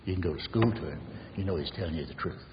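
Deep-voiced preacher in a reverberant church. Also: male voice, quick pace, highs cut off, background noise. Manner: earnest preaching, drops to soft near-whispers for emphasis. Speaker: pastor. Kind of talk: sermon.

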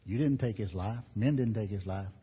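A husky, breathy male preacher delivers an emphatic sermon that surges and drops. His voice rings out in a long hall reverb, and the recording is muffled. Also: fairly low pitch, moderate pace. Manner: emphatic preaching, rising and falling with repetition. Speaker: pastor.

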